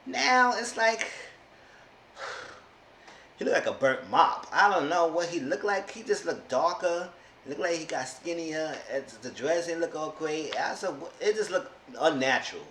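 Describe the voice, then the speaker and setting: A man's voice: a little high, lively intonation, moderate pace, fairly bright tone. Male reality-TV reviewer, sassy and exasperated, mimics cast members; echoey room, faint hiss. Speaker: TV show reviewer. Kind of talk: casual recap commentary.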